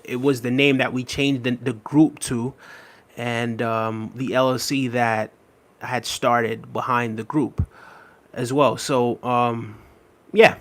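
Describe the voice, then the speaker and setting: A man's voice: medium pitch, a bit bright. A man hosting a livestream, chatting casually, reading viewer comments aloud and repeating phrases with frequent laughs. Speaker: livestream host.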